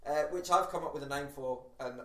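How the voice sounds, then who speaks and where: A man's voice: a little high, a little fast. Joking British man hosting, roomy distant sound. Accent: British English. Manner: joking, laughing banter. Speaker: podcast host. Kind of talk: casual chat.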